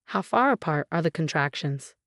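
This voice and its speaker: A woman's voice: deep voice, animated, moderate pace, fairly bright tone, no echo, studio quality. A woman voicing a protective sister-in-law who speaks urgently and sharply.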